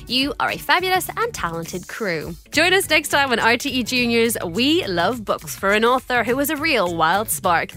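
Lively, bright woman hosting a kids' show. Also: a little high. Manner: upbeat, cheerful, animated. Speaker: host. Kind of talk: children's radio show presenting.

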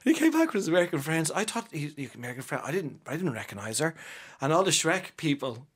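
A man, a comedian guest, telling lively anecdotes and acting out quotes. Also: fairly high pitch, fast, breathy edge. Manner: animated storyteller, acts out quotes.

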